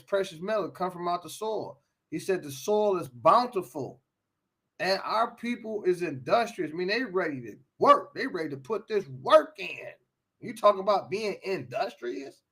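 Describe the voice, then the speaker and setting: A man's voice: sits high, a bit bright, slightly rough. An American man giving an impassioned talk, emphatic, often repeating and restarting his phrases. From United States.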